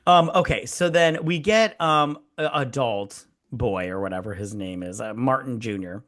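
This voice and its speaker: Profane, animated male podcast host. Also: medium pitch, moderate pace. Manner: profane, animated, acts out scenes in quoted voices. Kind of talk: casual movie review chat.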